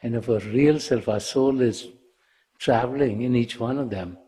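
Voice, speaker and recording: A man's voice: mid-range voice, moderate pace, dark tone, breathy edge. A man giving a spiritual talk as a teacher, telling a parable in a conversational way and often saying "you know".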